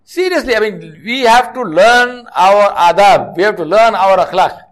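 A man's voice: sits high, measured pace. A middle-aged man preaching a sermon, telling stories with restarts and scolding his listeners with rhetorical questions. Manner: storytelling with frequent restarts. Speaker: mosque preacher.

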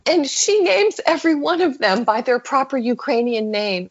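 An American woman, a guest on a podcast, recounts a personal story during an interview and performs the voices of the people she quotes. Her voice sits high at a normal speed, slightly rough, and the audio sounds dull. She tells it with animation.

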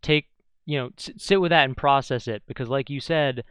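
A man's voice: a little high, expressive, normal speed, fairly bright tone, clear, resonant tone, no echo. A man, a psychologist and podcast co-host, chatting casually and offering reflective advice. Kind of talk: casual chat. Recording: dry, slightly dull lo-fi sound.

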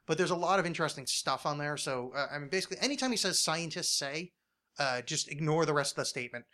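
A man's voice: on the high side, expressive, fast, bright, forceful tone. A man hosting a casual podcast, ranting with lots of swearing and restarts. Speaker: podcast host.

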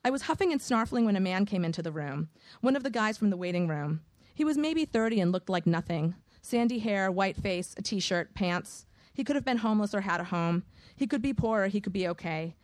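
Woman audiobook narrator, wry and measured, mid-pitched voice, dry close sound. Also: lively intonation, darkish tone, no echo. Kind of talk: first-person audiobook narration.

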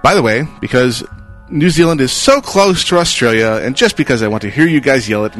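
A man co-hosts a relaxed gaming podcast, reading listener mail with an animated, swinging delivery. He drops playful jokes as he goes. Light music sits faintly in the background. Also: mid-range voice, brisk. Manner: playful, jokey asides. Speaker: podcast co-host. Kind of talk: casual chat, reading listener emails.

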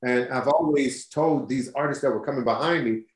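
A man's voice: medium pitch, moderate pace. A man near sixty, a singer being interviewed, telling stories expressively and acting out what people said, laughing as he goes. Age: 50s. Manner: expressive, laughing storyteller who acts out quotes. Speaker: guest singer. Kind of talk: animated storytelling interview. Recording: roomy echo.

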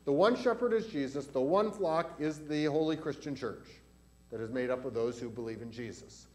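A man's voice: mid-range voice, normal speed, a little mellow. A man pastor giving a catechism lesson in a church to children and adults, asking them questions as he goes. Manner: asks the children questions as he teaches.

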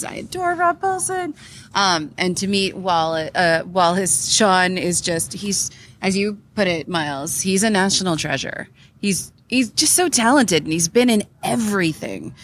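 A woman's voice: mid-range voice, moderate pace, a little hiss or hum. A woman co-hosting a podcast live at a convention, chatting eagerly with lots of fillers and giggles. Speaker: podcast co-host. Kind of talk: casual chat recorded live at a convention. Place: convention hall behind a curtain.

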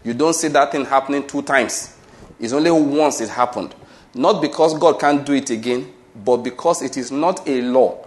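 A man's voice: medium pitch, moderate pace. Emphatic male preacher. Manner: emphatic, repeats key words, asks the listeners questions. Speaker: pastor. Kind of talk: sermon.

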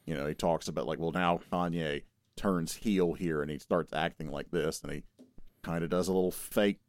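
A young man co-hosting a podcast, chatting casually, animated and teasing, swearing now and then. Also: sits low, normal speed, no echo, clean studio sound. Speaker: podcast co-host. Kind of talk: casual chat.

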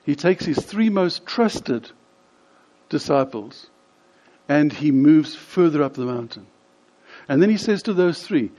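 Mellow-voiced man preaching a story sermon. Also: a little high, lively intonation. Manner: vivid retelling with dramatic pauses. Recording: slightly dull lo-fi sound.

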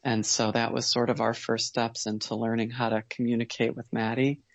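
A man shares his story as an interview guest, his voice gravelly with a bit of fry. He talks in an earnest, measured way, pausing and rephrasing as he reflects. The sound is dry and a little dull, like a modest lo-fi recording. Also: medium pitch, little pitch movement, no room sound. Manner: earnest, measured, with pauses and restarts. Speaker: guest, father.

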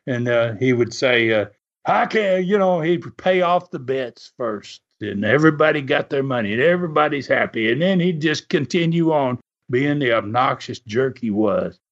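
A man's voice: mid-range voice, expressive, normal speed, few pauses. A man hosting a podcast, telling a story at an easy pace with plenty of "uh" fillers. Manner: rambling, full of "uh" fillers. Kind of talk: casual storytelling. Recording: dull lo-fi podcast audio.

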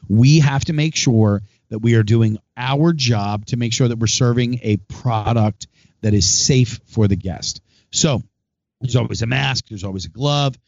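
A man's voice: medium pitch, a little mellow, no echo. Middle-aged male host, chatty and rambling, dry slightly dull recording. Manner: chatty, rambling, acts out phone calls. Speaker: podcast host and restaurant owner. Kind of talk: casual monologue.

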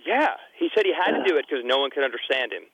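A man co-hosts a casual chat, explaining things in a matter-of-fact way. He talks quickly, and his voice has a bright, forward edge. The sound is dry and close. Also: mid-range voice, very animated, vocal fry, slightly rough, dry recording, low-quality recording. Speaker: podcast co-host.

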